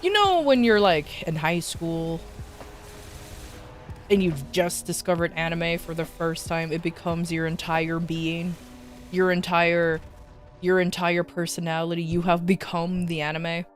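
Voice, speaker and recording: A young woman streamer telling stories in a loose, animated way. She laughs often and fills her talk with "like". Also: fairly low pitch, measured pace. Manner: animated, laughing, many fillers. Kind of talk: casual storytelling to a live chat. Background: faint background music.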